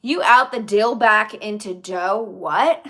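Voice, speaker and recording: A woman's voice: medium pitch, slow pace, pushed and bright. A woman live streaming in casual chat, reading viewer comments aloud and answering them in a chatty way.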